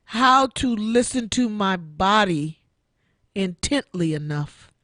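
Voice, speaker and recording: A woman's voice: mid-range voice, animated, slow, a bit bright, no room sound, clean studio sound. A woman in her sixties hosting an online radio show, giving an emotional personal testimony and repeating her phrases like a preacher. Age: 60s. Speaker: internet radio show host.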